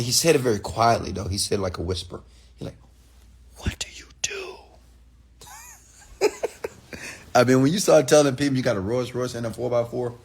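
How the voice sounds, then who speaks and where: Man, casual rant to camera, lively delivery with put-on voices for others. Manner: animated, talks straight to viewers, acts out others in high voices. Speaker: online entrepreneur and mentor. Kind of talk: casual late-night rant.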